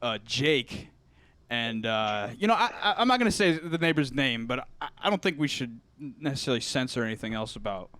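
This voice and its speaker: A man's voice: mid-range voice, a little fast. A young man co-hosting a podcast, telling a story in casual chat and acting out the people in it, laughing often. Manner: animated storyteller, acts out quoted voices, laughs often. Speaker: podcast co-host.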